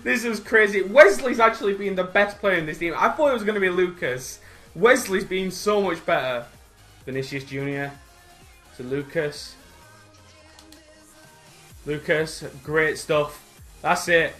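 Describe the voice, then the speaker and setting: Bright excitable gamer guy. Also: high voice, moderate pace, faint music behind. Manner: excitable, frustrated outbursts at the game. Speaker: gaming youtuber. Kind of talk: live gameplay commentary. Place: home room by a window.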